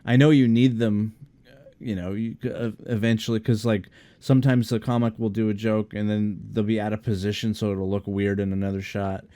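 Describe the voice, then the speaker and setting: Male podcast co-host, easygoing, mid pitch, mellow warm tone. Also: flat delivery, brisk. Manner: easygoing, backchannels a lot. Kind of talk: casual chat.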